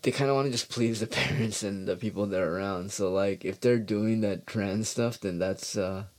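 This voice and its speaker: Male podcast host, low voice, dry close sound, crude and rambling delivery. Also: normal speed, no echo. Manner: profane, rambling, mocking. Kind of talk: casual solo podcast monologue.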